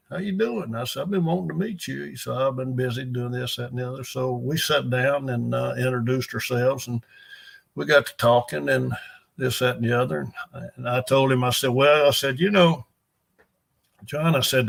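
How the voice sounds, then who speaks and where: A man's voice: medium pitch, vocal fry. An older man, a strength coach telling rambling, folksy stories in an interview. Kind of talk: storytelling in an interview.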